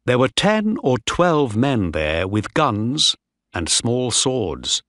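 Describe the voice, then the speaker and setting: Slow, expressive male story narrator. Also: medium pitch, dry recording, studio quality. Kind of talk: audiobook reading of a graded reader.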